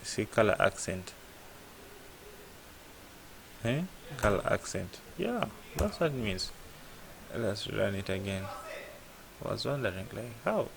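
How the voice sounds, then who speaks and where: A lowish, animated male voice with vocal fry moves at a measured pace. He's giving a casual screen-share coding lesson on app programming, musing aloud and asking "what?" before responding to himself.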